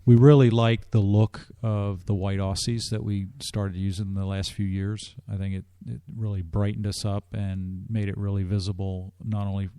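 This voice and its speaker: A man as a guest on a radio interview, explaining things in a measured way with frequent restarts. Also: on the low side, level tone, mellow, clear, resonant tone, dry recording, studio quality. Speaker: drum corps staff guest.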